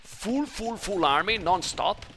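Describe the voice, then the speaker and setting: Excitable high-voiced male esports caster. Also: measured pace, creaky, crowd noise. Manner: excitable, exclaims loudly at big moments. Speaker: esports commentator. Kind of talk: live game commentary.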